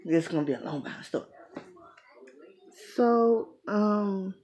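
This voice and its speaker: A woman's voice: medium pitch, expressive, unhurried, mellow, breathy edge. A young woman telling a personal story in a frank, profane, casual way, full of trailing fillers. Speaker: vlogger. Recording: noisy background hiss.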